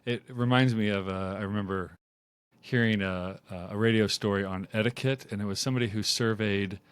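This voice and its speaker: A man's voice: lowish voice, steady tone, a little fast, smooth, no echo. An American man hosting a podcast, chatty and anecdotal in casual conversation. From United States.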